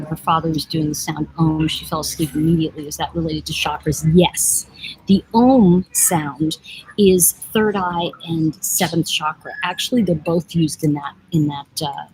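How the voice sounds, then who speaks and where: A woman's voice: lowish voice, darkish tone, a little hiss or hum, rough recording. A woman from the United States hosting a casual livestream from an airport lounge, rambling and teasing as she reads out viewer comments. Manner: rambling, chatty, digressive, teasing. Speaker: livestream host and oracle deck author.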